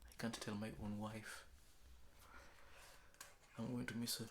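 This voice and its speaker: A man with a low voice speaks in a slow, reflective confessional monologue. He keeps slipping from quiet speech into a hushed whisper, recorded indoors in an apartment. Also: little pitch movement, noisy background. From Kenya. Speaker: vlogger. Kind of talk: late-night confessional monologue.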